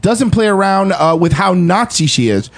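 A man hosting a casual comedic podcast, animated, reading out profiles and swearing freely. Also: high-pitched, moderate pace. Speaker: podcast host.

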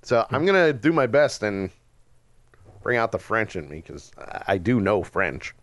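Easygoing man with a lively voice. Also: on the low side, normal speed, no echo. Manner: agreeable, laughs often. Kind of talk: casual chat.

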